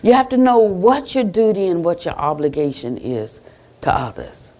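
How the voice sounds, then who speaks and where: An American woman Buddhist teacher giving a conversational dharma talk at a retreat center, retelling conversations and closing with a soft blessing. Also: on the low side, big pitch swings, normal speed.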